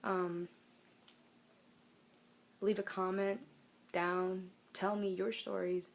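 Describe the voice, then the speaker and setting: A young woman telling a personal story to the camera in a soft, halting, emotional way. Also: mid-range voice, flat delivery, gravelly. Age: young adult. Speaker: vlogger.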